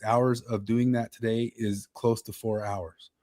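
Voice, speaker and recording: A man's voice: on the low side, little pitch movement, unhurried, darkish tone. Joking man griping on a podcast. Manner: griping, joking, repeats words. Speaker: podcast host. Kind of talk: casual chat.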